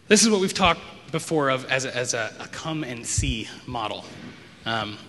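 Bright-voiced man preaching in a hall. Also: mid-range voice, very animated, normal speed, slight background noise. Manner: reflective, loose delivery with frequent ums and wry asides. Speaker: pastor. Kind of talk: conversational sermon. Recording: long reverb of a large hall.

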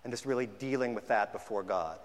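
A man's voice: lowish voice, fairly quick. A man preaching a sermon in a conversational way, at times mimicking half-hearted apologies. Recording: long hall reverb.

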